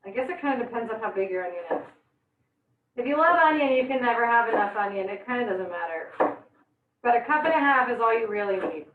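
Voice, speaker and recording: A woman's voice: on the high side, animated, fast talker. A young woman teaching a cooking class who chats and laughs while her eyes water from onions, with frequent exclamations. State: teary-eyed from onions. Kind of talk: live online cooking class. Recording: echoey, distant, phone-like sound.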